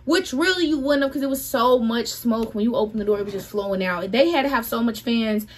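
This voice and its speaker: Young woman vlogging, kinda high voice, super animated storytime. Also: fast, hardly any pauses. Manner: animated, dramatic retelling, addresses viewers as y'all. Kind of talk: casual storytime chat.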